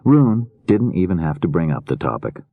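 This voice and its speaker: A man reading a mystery novel aloud in a measured, steady narration. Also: deep voice, dry recording, phone-quality sound. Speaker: audiobook narrator. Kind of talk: scripted narration.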